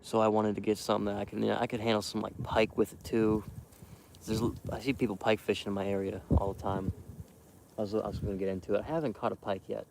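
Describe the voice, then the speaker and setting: A young man quietly rambling to his live stream while hunting outdoors in the cold wind, full of fillers and restarts. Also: lowish voice, flat delivery, quick pace, creaky. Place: outdoors in a windy field edge.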